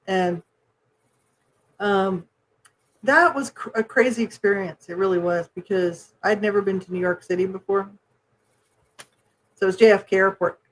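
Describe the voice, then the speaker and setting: A woman's voice: medium pitch, normal speed, pauses often, low-quality recording. A woman from New Mexico co-hosting a podcast, telling stories in a casual chat and acting out the people in them. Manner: animated storyteller acting out voices, laughs often. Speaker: podcast co-host.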